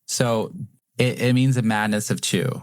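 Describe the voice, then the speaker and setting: A man's voice: lowish voice, a little slow, smooth, no room sound, studio quality. A man co-hosting a podcast, rambling through a casual story with lots of fillers and restarts. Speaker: podcast co-host.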